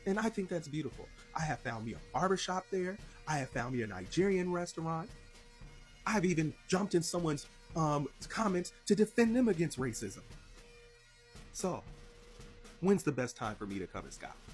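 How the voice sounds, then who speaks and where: Man from the US, upbeat and excited, slightly high voice, faint music behind. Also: normal speed. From United States. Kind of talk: casual video monologue.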